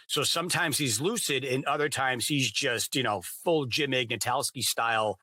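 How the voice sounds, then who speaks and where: A man's voice: mid-range voice, normal speed, sharp tone, dry recording. A man hosting a casual podcast interview, talking with enthusiastic, gushing praise. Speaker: podcast host.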